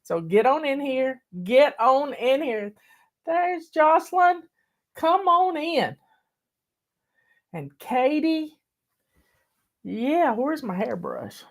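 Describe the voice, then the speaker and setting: A woman with a drawl hosts a casual live video, talking slowly in a folksy, heartfelt way. Her voice sits a little high, and she sounds teary. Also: sing-song. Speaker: host.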